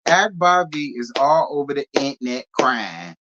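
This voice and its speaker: A man's voice: mid-range voice, big pitch swings, measured pace, highs cut off, background noise. A man giving casual celebrity gossip commentary, sassy and talking straight to his viewers.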